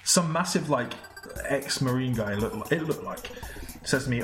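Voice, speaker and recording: A man's voice: medium pitch, normal speed, hardly any pauses, a bit bright, echoey room, soft background music. A man from England with a British accent, telling a rambling story on a podcast, with many restarts and frequent laughs. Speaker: podcast co-host. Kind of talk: casual podcast chat.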